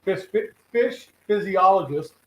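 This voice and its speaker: A man's voice: sits high, lively intonation, a little slow, a bit bright, echoey room, rough recording. Man telling rambling fishing stories. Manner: rambling anecdotes with quoted dialogue. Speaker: regular fishing guest. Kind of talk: casual storytelling chat.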